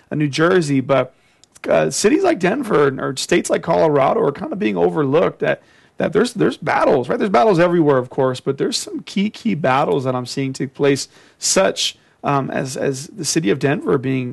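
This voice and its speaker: A man hosting an interview, talking in a halting way with many fillers and restarts. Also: a little high, gravelly. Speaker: host. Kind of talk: casual interview chat.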